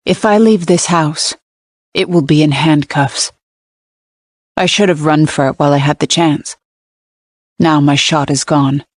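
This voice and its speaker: Audiobook narrator: woman, low voice, measured and wry, dry close-miked studio read. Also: steady tone, no room sound. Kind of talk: scripted first-person audiobook narration. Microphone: close studio mic.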